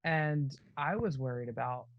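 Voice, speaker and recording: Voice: mid-range voice, measured pace, no room sound, dull audio. A podcast co-host in casual chat, rambling and enthusiastic with many restarts.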